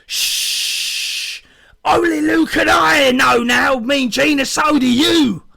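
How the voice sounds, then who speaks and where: A man putting on a rowdy, shouting male wrestler, yelled very high and loud. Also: takes it slowly, exaggerated voice. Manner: yelled at full volume, rough and rowdy. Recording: dry mic, voice turned away.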